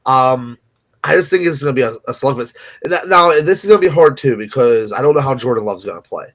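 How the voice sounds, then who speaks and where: A man's voice: mid-range voice, expressive, fast, a bit bright. A man co-hosting a sports betting podcast, talking casually in a rambling, hedging way with frequent restarts. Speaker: podcast co-host.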